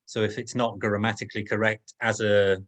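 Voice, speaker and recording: A man on an online panel who explains a point in a measured way. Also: on the low side, little pitch movement, a bit bright.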